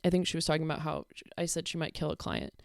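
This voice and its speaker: A woman's voice: sits low, big pitch swings, racing, gravelly, dry recording, clean studio sound. A young woman giving casual commentary, reading out messages in an exasperated, sarcastic way. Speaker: commentary creator.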